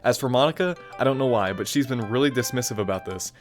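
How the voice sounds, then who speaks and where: A man's voice: medium pitch, quick pace, faint music behind, lightly acted. A man reading aloud as a worried, sweet teenage girl who pleads for help. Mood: pleading. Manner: earnest, pleading read-aloud. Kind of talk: reading game dialogue aloud.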